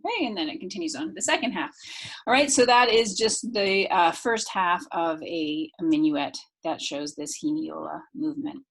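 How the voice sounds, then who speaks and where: A woman's voice: on the low side, moderate pace, breathy edge. A woman giving a recorded music theory lecture over slides, speaking conversationally with fillers and sometimes singing rhythm syllables.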